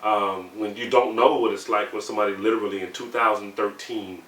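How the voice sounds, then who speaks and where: Thirties man, conversational, heats up telling stories; bright timbre, recorded in a roomy space. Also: on the low side, steady tone, a little fast. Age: 30s. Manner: conversational, heated when recounting, many "you know" fillers. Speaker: navy sailor interviewee. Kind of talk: candid personal storytelling. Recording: roomy sound, mic at a distance, faint background hum.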